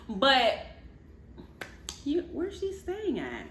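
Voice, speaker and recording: A woman giving animated, casual gossip commentary to her viewers, laughing often and talking to them directly. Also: on the low side, moderate pace, reverberant. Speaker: commentary vlogger.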